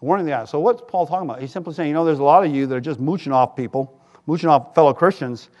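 A man preaching a sermon as pastor, animated, jumping to loud, high quoted voices and dropping into wry asides. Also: rapid-fire, highs cut off. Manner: animated, rises to shouts for quoted voices, self-deprecating asides. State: tired.

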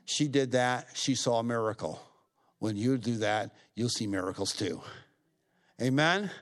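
Folksy middle-aged pastor at church. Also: male voice, medium pitch, a little slow. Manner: folksy, repeats himself, rises when telling a story. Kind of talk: church service announcements and offering talk. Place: church sanctuary.

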